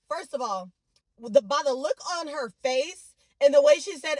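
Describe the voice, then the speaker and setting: A woman vlogging casually to camera about her week, her voice hoarse and nearly gone, with expressive bursts of excitement. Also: high voice, normal speed, no room sound. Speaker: fitness and faith vlogger. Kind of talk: casual vlog chat to camera.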